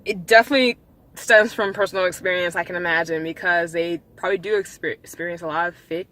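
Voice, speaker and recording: Young woman vlogger with a low-set voice and a bright, sharp tone; chatty, rambling monologue. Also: steady tone, fast, poor audio. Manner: rambling, many fillers and restarts. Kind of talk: casual vlog monologue.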